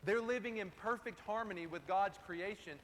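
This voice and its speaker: High-voiced preacher in a reverberant hall. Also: male voice, moderate pace, a little hiss or hum. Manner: emphatic, repeats key phrases. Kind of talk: sermon. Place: church sanctuary. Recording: distant, reverberant hall with faint ambience.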